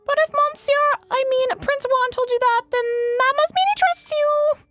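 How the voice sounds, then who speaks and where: A woman squeaking as a jittery little mouse man. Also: fairly even intonation, normal speed, a bit bright, no echo, studio quality, faint music behind. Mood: flustered. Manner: breathless, squeaky, fluttery. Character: timid excitable male mouse informant.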